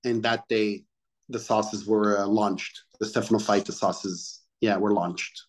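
Excitable chatty man, chef guest. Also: fairly low pitch, measured pace. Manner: excitable, swears freely, lots of "you know, like". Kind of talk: casual conversation.

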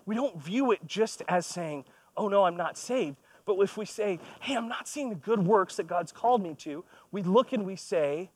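A pastor in his thirties, his voice fairly high for a man, preaches at normal speed in a relaxed, conversational way. His sermon is built on personal stories told with self-deprecating humor, and the recording is close and dry with no room echo.

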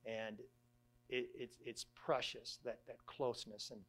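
A middle-aged man, a church elder, giving a conversational sermon in a halting way, with frequent restarts and fillers. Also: medium pitch, level tone, fairly bright tone.

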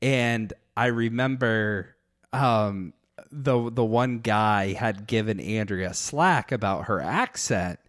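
A man chatting casually as a podcast co-host, telling relaxed stories and swearing now and then. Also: fairly low pitch, slow pace, dry recording, clean studio sound. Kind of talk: casual conversation.

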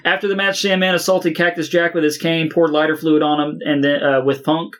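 High-voiced male co-host, halting reader, casual and profane. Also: flat delivery, fairly bright tone. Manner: reads results in a halting way with many uh fillers and swearing. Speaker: podcast co-host reading match results. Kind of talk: casual podcast chat.

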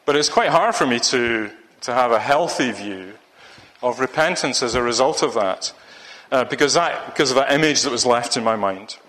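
Preacher in a long-echoing hall. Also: male voice, medium pitch, lively intonation, moderate pace, fairly bright tone. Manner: rambling, with many restarts and fillers. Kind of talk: sermon.

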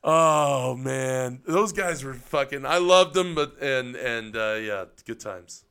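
Co-host: man with a bright, forceful voice, swears freely, laughs through his stories. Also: medium pitch, takes it slowly, gravelly, clean tone. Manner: profane, laughing storyteller. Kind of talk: casual storytelling chat.

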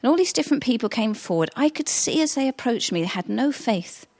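A woman's voice: fairly high pitch, lively intonation, a little fast, a little mellow. A middle-aged woman preaching a sermon, telling stories in a chatty, earnest way. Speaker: pastor.

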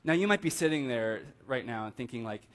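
A young man preaching in a church, talking to the congregation as if chatting with friends. He keeps checking in with them and acts out the people he quotes with lively pitch swings. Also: fairly quick. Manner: conversational, asks the room "right?" often, animated quoting. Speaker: pastor. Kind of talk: casual sermon. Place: church sanctuary.

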